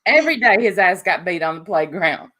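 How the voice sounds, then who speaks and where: A woman's voice: on the low side, sing-song, fairly quick, bright, forceful tone. A woman streamer in a casual, teasing chat, laughing often and trash-talking.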